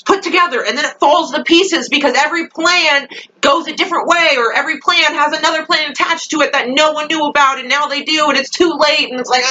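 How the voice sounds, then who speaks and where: A woman's voice: high-pitched, a little fast, sharp tone, rough recording. A young woman ranting in a casual vlog, exasperated and rambling, full of fillers and swearing. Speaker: vlogger reacting to a TV episode.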